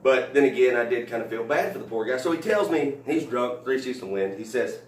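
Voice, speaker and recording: A comedian tells stand-up stories in a rambling style, full of fillers and restarts. His mid-range voice is animated and brisk with few pauses, picked up from a distance in a roomy space with a little hiss or hum.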